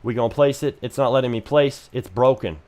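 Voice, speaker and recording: A man's voice: medium pitch, brisk, a little mellow. A man giving blunt, joking critique while live-streaming game reviews. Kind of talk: casual live-stream commentary.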